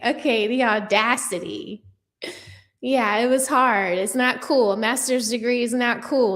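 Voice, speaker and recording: A young adult woman hosting a casual livestream, chatting with viewers in a sassy, profane way with lots of fillers. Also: on the high side. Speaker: livestream news commentator.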